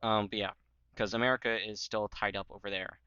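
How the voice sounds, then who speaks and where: A man's voice: lowish voice, fairly even intonation, fairly quick, pushed and bright, clean tone, no room sound, dull audio. A man talking casually over a history map, rambling with many "um"s and "like"s and goofy jokes. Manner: rambling, filler-heavy, joking. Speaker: history channel host.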